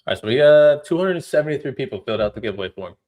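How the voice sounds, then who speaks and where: A man's voice: medium pitch, animated, racing, a little mellow. A man hosting a live trading stream in casual chat, explaining chart setups step by step.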